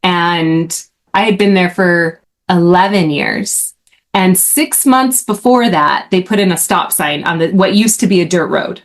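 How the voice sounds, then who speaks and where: Chatty woman telling a personal story. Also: measured pace. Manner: chatty, frequent "like", rises in pitch when excited. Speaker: podcast host.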